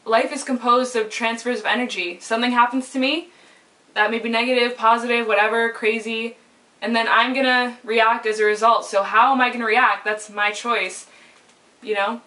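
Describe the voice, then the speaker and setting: A young woman talking openly to her viewers in a casual, rambling way, full of "like" and quick laughs. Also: a little high, steady tone, bright, forceful tone. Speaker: vlogger. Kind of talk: personal vlog monologue. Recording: voice a little far from the mic.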